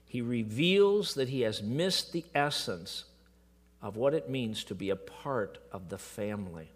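A middle-aged man preaching a sermon, moving between quiet, hushed passages and emotional, impassioned outbursts. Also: mid-range voice, expressive, unhurried.

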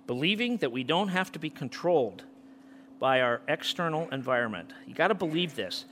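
Impassioned preacher man, bright lively voice. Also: fairly high pitch, fairly quick, slight background noise. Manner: impassioned, swings from loud peaks to near-whispers. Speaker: pastor. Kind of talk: sermon.

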